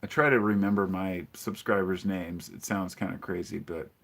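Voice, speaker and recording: Here a man speaks at normal speed in a deep, gravelly, slightly bright voice with fairly even intonation. On his casual live-stream podcast he rambles through greetings and chat replies, opinionated and prone to ums and restarts.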